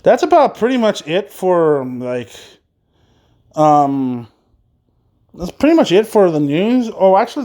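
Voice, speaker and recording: Rambling man hosting a wrestling podcast. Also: sits high. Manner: rambling, loose, swears casually, many fillers. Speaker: podcast host. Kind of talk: casual wrestling news podcast.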